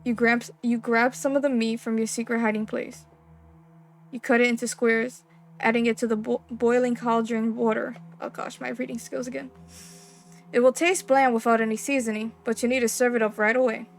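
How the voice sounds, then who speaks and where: Playing through a game, a young woman streamer reads the on-screen lines and text out loud, breaking in with excitable reactions full of swearing and slang. Her voice is slightly high and her pace moderate, with slight background noise.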